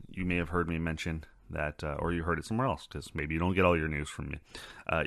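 A man's voice: low voice, fairly bright tone, dry recording, studio quality. A man hosting a casual podcast chat, swearing freely and wandering into rambling asides. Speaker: podcast host.

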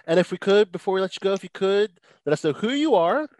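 A man's voice: sits high, lively intonation, quick pace, darkish tone, no room sound. A man hosting a podcast, enthusiastic and laughing easily while interviewing his guests. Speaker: podcast host. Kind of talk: casual interview chat.

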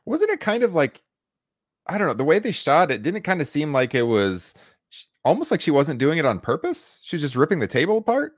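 A man chatting on a podcast in a wry, joking way, often breaking into laughter. His pitch swings widely as he talks. The sound is dry and close, with no room echo. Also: huge pitch swings, fairly quick. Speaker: podcast co-host. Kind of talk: casual wrestling podcast chat.

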